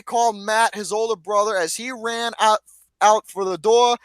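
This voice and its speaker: A man's voice: high voice, fairly even intonation, normal speed, fairly bright tone, no echo. A man hosting a casual movie podcast, joking and swearing as he lists films and reads a kids' book aloud mockingly. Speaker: podcast host.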